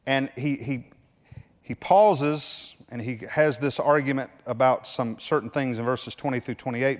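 A man preaching a sermon in a church, emphatic and full of rhetorical questions, often restarting his sentences. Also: a little high. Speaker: pastor. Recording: reverberant hall.

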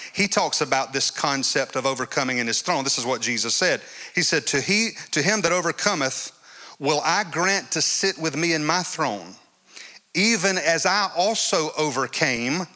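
A man's voice: on the high side, sharp tone. A male preacher giving an emphatic sermon and repeating his phrases. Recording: long hall reverb.

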